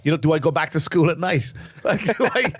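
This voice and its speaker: A man with a slightly high voice co-hosts a comedy podcast. He tells crude stories in loose, casual chat and acts out the people he quotes. The sound is close and dry, with no room echo. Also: expressive, fairly quick, slightly rough. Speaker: podcast co-host.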